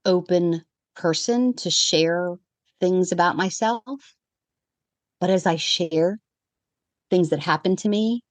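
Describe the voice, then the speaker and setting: A woman guest on a podcast, telling her own story in a lively way and acting out the lines of the people in it. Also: mid-range voice, dry recording. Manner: animated storyteller who acts out the quoted dialogue. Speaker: guest, evidential medium. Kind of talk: personal storytelling in a podcast conversation.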